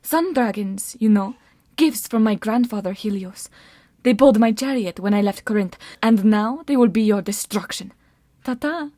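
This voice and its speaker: A woman's voice: mid-range voice, moderate pace, warm tone, no echo, studio quality, natural voice. A woman voicing a haughty scheming sorceress who speaks in a sneering, condescending way. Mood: gloating.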